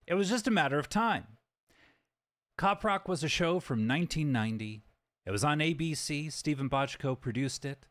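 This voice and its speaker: A man's voice: fairly high pitch, fairly bright tone. A man streaming a video game, chatting casually in a joking way with sudden yelps and some swearing. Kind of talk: casual live-stream gameplay commentary.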